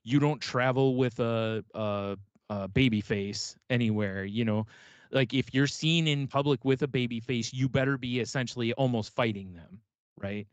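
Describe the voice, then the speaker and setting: A man's voice: medium pitch, moderate pace, smooth, no echo, highs cut off. A man co-hosting a casual podcast, rambling through stories, laughing often and acting out quotes. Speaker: podcast co-host. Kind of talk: casual chat.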